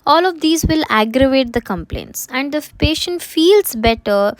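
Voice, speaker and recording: A woman's voice: sits high, lively intonation, measured pace, no room sound. A woman lecturing on a medical remedy, restating each point and posing questions to herself before answering them. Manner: repeats points, asks and answers own questions.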